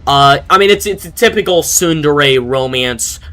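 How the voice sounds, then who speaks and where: A man's voice: a little high, normal speed, bright, forceful tone. A young man giving casual, rambling commentary while playing a strategy game and reading chat aloud. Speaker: gaming streamer.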